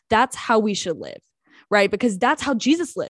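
An earnest eighteen-year-old woman chats into a close podcast mic, her talk full of "like" and "um". Her voice sits at an ordinary middle pitch and sounds dry, with no room around it. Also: animated, normal speed, dry recording. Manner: earnest, chatty, with frequent "like" and "um" fillers. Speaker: podcast co-host. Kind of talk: casual faith podcast talk.

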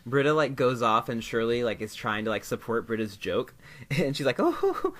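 A man's voice: mid-range voice, moderate pace, fairly bright tone. A man co-hosting a podcast, chatting casually about a TV episode with a lot of laughter and hesitant fillers. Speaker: podcast co-host. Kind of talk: casual chat recapping a TV episode.

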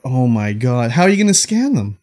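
A man's voice: mid-range voice, sing-song, fairly quick, a little mellow. A man co-hosting a casual podcast, venting about work in a long rant with casual swearing. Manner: ranting storyteller, acts out quoted coworkers. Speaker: podcast co-host. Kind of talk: casual chat.

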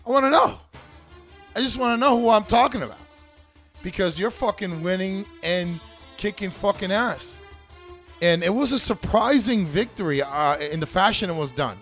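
Animated, profane man hosting a fantasy league. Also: a little high. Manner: animated, swears a lot, sarcastic rants. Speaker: fantasy football league host. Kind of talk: casual profane sports commentary.

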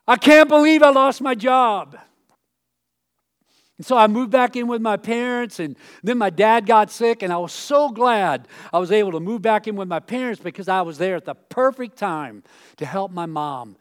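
Male pastor, high voice, casual sermon, bursts of loud acted-out quotes. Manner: conversational, acts out quoted voices with sudden loud outbursts. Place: church stage.

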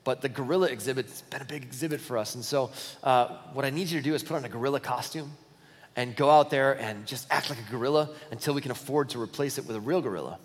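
A pastor telling a joke and voicing a hard-pressed zookeeper who explains things in a matter-of-fact way. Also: male voice, mid-range voice, quick pace, slightly rough, in a large hall, close to an everyday voice. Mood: apologetic.

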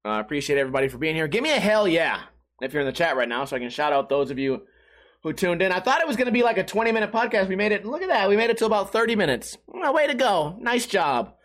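A young man with a high-pitched voice hosts a casual solo podcast, streamed live. He rambles through stories, swears freely and pokes fun at himself. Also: very animated, fast, a bit bright. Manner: rambling, profane, self-mocking.

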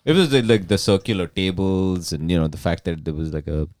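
A man's voice: deep voice, animated, brisk, a little mellow. A man co-hosting a comedy podcast, bantering crudely and teasing the others. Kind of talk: casual banter.

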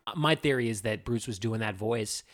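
A man's voice: lowish voice, brisk, no echo. A man chatting casually about a movie as a podcast co-host, rambling with lots of fillers and a wry tone.

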